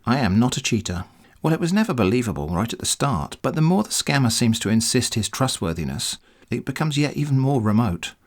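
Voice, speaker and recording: A man's voice: medium pitch, sing-song, fairly quick. A man narrating an account of baiting an email scammer, in a dry, wry way. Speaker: host. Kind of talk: scripted narration.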